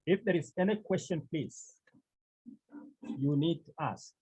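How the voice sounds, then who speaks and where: A man teaching a Greek grammar class, talking slowly and repeating key points with many pauses. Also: on the high side, darkish tone, husky. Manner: slow, repetitive, with many pauses. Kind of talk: online language lesson. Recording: tinny phone-like line.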